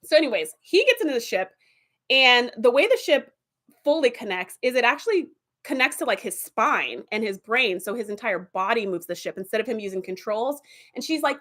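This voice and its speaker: A woman's voice: on the high side, a little fast. A woman casually and animatedly retelling TV episodes as a reviewer, with lots of fillers. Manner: animated, chatty, with fillers and laughs.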